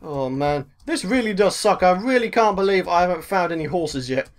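A man with a British accent giving excitable let's-play commentary as a gaming video host, talking to himself, repeating phrases over and over and swearing mildly. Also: sits high, normal speed. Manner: mild swearing, talks to himself.

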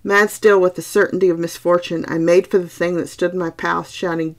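Low, gravelly woman reading a ghost story. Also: flat delivery. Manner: slow, hushed, suspenseful. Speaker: podcast host reading a story.

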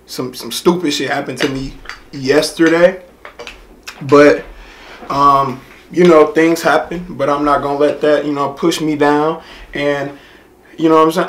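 Hoarse young man with a roomy echo. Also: on the high side, steady tone, a little slow, long pauses. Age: 20s. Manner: rambling, filler-heavy, laid-back slang. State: hoarse, voice nearly gone. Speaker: reaction video host. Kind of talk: casual talk to camera. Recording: echoey room.

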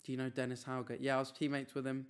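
Male streamer, relaxed chatty read of chat, mid pitch, unforced. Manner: chatty, easygoing, quick to brush off teasing. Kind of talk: casual live-stream chat.

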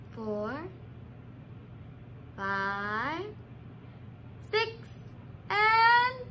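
A young woman leading a children's sing-along lesson, talking slowly and encouragingly to little ones. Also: high voice, pushed and bright. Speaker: early years program leader. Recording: distant mic with faint room noise.

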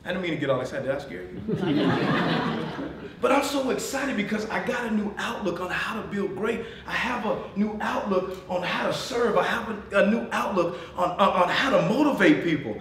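Energetic man speaking in an echoey room. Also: sits high, normal speed, far from the mic. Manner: energetic, swings from shouting to near-whisper; laughs often, calls on the audience. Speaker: motivational speaker. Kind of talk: motivational talk to an audience. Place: meeting room.

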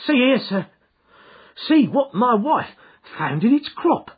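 Brief: male narrator doing a high, loud, breathless doorman, husky, lo-fi. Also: sing-song, takes it slowly, full character voice. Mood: astonished. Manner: breathless, stammering. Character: excitable working-class male doorman, flustered. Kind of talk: audiobook character reading. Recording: dull, muffled audio.

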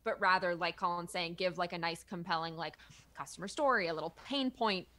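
A woman's voice: fairly low pitch, fairly quick, sharp tone. A woman hosting a casual panel discussion, chatty and full of filler words. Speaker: show host.

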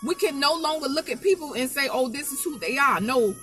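A woman's voice: high-pitched, lively intonation, fairly quick, bright, forceful tone, faint music behind. A woman preaching an informal spoken sermon, emphatic and folksy, repeating her phrases to drive the point home.

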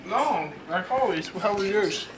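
Low-key man under loud TV crowd. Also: lively intonation, measured pace, poor audio. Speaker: vlogger's husband. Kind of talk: casual home chat.

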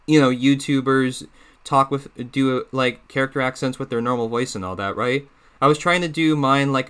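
A man's voice: mid-range voice, a bit bright, clear, resonant tone. A man hosting his own voice impression channel, chatting casually and rambling to his viewers. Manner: rambling, many restarts and fillers. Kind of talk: casual chat to camera.

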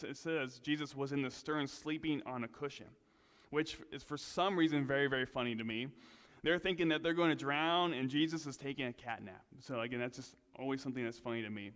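A male pastor preaching a sermon in a relaxed, conversational way, with self-deprecating asides. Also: on the high side, long reverb tail. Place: church sanctuary.

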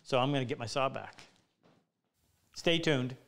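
A woodworking teacher hosting a live Q&A, chatting in a self-deprecating way and rambling through anecdotes. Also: male voice, mid-range voice, a little slow, vocal fry, a bit bright. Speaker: woodworking teacher and show host. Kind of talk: live Q&A, casual storytelling. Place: woodworking workshop.

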